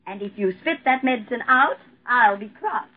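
An actress playing a firm, scolding, no-nonsense nurse in a radio drama. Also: female voice, on the high side, expressive, moderate pace. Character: brisk firm female nurse. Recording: phone-like lo-fi radio recording.

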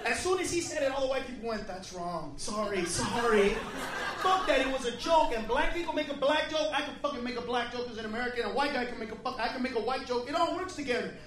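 A man performing a stand-up comedy set on a club stage, loud and profane, ranting and shouting his punchlines. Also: extremely high pitch, very fast, few pauses. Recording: echoey club taped from far off, crowd noise. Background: loud crowd laughter.

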